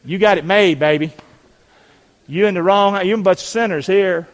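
Preacher, high voice, call-and-response sermon with shouted peaks, long church reverb. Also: male voice, normal speed. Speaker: pastor.

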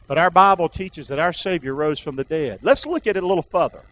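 A man's voice: on the high side, fast, a bit bright, highs cut off. A man preaching an Easter sermon, urging the congregation to repeat after him. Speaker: pastor.

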